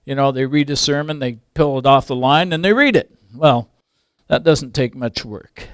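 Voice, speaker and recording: An older man preaching a sermon, swinging from loud emphatic peaks to quiet asides. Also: medium pitch, normal speed, clear, resonant tone, dry recording, clean studio sound. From English background.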